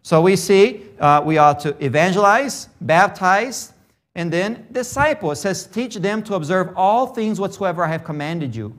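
A man who grew up in Brazil delivers a sermon in a fairly high voice. He tells a story in an easy way, then preaches with growing emphasis. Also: expressive, normal speed, a bit bright.

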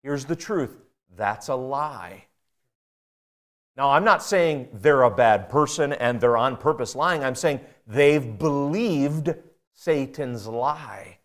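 A male pastor delivers a sermon with emphasis, repeating key phrases, putting questions to the congregation, and shifting from loud stresses to quiet asides. His voice is medium in pitch with lively intonation, and he speaks slowly.

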